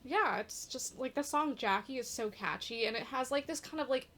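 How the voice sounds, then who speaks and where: A woman's voice: high voice, normal speed, bright, forceful tone. A woman co-hosting a casual chat about albums, with many fillers. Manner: casual, says "like" often. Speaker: co-host reviewing albums.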